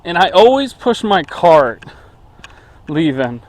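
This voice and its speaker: A man's voice: a little high, very animated, takes it slowly. A man walking through woods and talking casually, out of breath, rambling with many fillers. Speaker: vlogger. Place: outdoors in woods.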